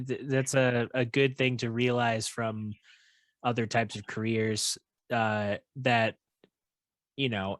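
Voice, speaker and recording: A man's voice: mid-range voice, a bit bright, dry recording. A man hosting a podcast, reflective and thinking aloud in casual chat. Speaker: podcast host.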